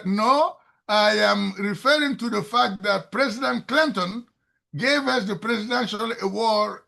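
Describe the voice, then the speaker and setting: Older man, high bright voice, emphatic excitable lecturing, video call mic. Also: creaky. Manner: excitable, emphatic lecturing that rises loudly when stirred. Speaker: STEM mentor presenting a program. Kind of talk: online presentation on a video call.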